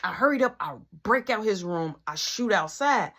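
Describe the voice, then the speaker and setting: A young woman telling a storytime vlog story, animated, acting out scenes with whispered dialogue. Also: mid-range voice, normal speed.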